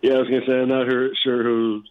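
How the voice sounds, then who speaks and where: A man's voice: medium pitch, level tone, fast. Hesitant male caller on a phone line. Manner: hesitant, unsure.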